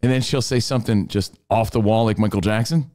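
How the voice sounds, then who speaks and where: A middle-aged man, a podcast co-host, telling a comedic story in an animated way, acting out scenes with shouts and voices. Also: lowish voice, a little fast.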